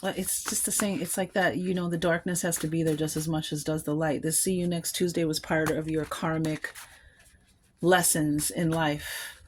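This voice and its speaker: A woman's voice: deep voice, level tone, moderate pace, darkish tone, a little hiss or hum. A woman giving a collective tarot reading, musing aloud and rambling, with small laughs between thoughts. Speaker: tarot card reader.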